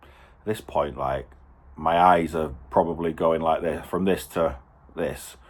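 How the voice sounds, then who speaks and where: A man's voice: very deep voice, a little slow. A man, a home car dealer telling an exasperated story to camera and acting out what was said. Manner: exasperated, animated, acts out quotes.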